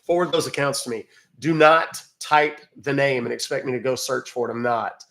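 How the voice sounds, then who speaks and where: A man with a gravelly voice hosts a live stream in a loose, chatty way, cracking jokes and swearing offhandedly as he talks to his viewers. His voice sits at an ordinary pitch, with a rough fry running through it. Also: normal speed, a bit bright. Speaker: livestream host calling scammers. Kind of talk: casual livestream chat.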